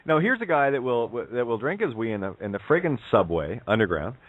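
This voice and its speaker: A man hosting an online group call, talking casually and haltingly with many fillers and restarts. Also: mid-range voice, big pitch swings, no room sound. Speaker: host of an online call-in forum. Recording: tinny phone-like call audio.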